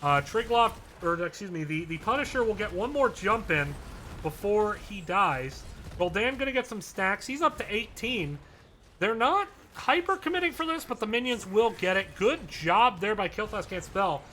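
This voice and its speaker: Male esports caster calling a live match; high, bright and brisk, with chatty asides. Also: animated, a little hiss or hum. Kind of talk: live play-by-play commentary.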